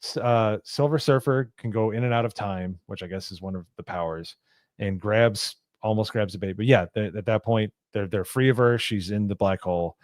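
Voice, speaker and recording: A man's voice: on the low side, moderate pace, no echo, studio quality. A man co-hosting a casual movie review, rambling through plot points with restarts and asides. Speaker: podcast co-host.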